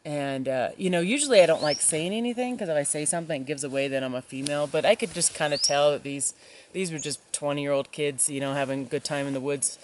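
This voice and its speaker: A woman's voice: low-pitched, fast talker, noisy background. A woman backpacking alone, telling a story to camera in a casual, chatty way with many ums, outdoors at a forest campsite. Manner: chatty, many ums, acts out voices in retelling. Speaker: solo backpacking vlogger.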